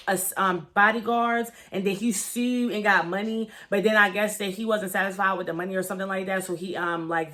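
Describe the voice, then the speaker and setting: A woman chatting casually as she reviews a reality TV episode, candid and gossipy in tone. Her voice sits at a middle pitch, and she loosely rambles through fillers and blunt, profane asides. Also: fairly bright tone. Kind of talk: casual vlog commentary.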